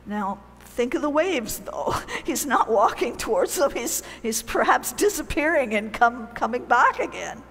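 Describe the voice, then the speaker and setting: Slow-speaking woman preaching in a church. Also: high voice, husky, in a large hall. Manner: conversational, animated storytelling with pauses. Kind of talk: sermon.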